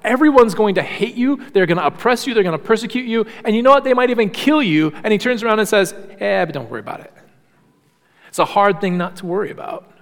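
A man preaching a sermon in earnest, shifting between quiet low passages and raised emphatic ones, often repeating words as he restarts. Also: animated, quick pace. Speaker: pastor. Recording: long hall reverb.

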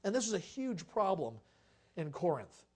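A pastor preaching a sermon to a congregation, talking in a conversational way with casual asides, reading scripture aloud and building to shouted exhortation. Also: medium pitch, big pitch swings, moderate pace.

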